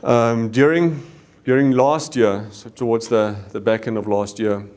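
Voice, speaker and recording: A man's voice: mid-range voice, fairly even intonation, a little slow, a little mellow. A middle-aged South African man giving an earnest leadership talk, telling a personal story to make a point. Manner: earnest storytelling with Afrikaans exclamations. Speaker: business leader.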